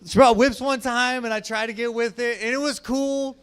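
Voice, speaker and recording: A young adult man doing a profane stand-up comedy set on a club stage, swinging between loud shouting and low mutters. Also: fairly even intonation, normal speed, clean tone.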